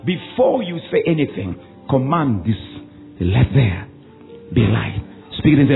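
A man preaches with call-and-response commands, his voice leaping high and dropping low. The sound is thin and phone-like, with faint music underneath. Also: very animated, vocal fry, crowd noise. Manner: commanding call-and-response preaching, swinging between shouts and low drawn-out lines. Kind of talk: sermon.

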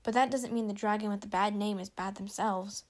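A woman's voice: medium pitch, fairly even intonation, fairly quick, lightly acted. Woman reading laid-back friendly male dragon, upbeat, storybook. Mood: easygoing.

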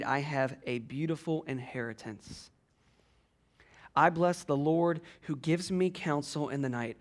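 A man with a notably high speaking voice preaches to his congregation. He talks conversationally and keeps asking "right?" as he goes. He drops to quiet, slow phrases and then builds to loud, driving runs. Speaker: pastor. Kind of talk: sermon.

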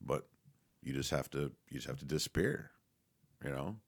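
A man's voice: a bass voice, expressive, moderate pace, breathy edge. A man rambling casually and profanely, with lots of fillers, restarts and laughs. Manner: laughs often while talking.

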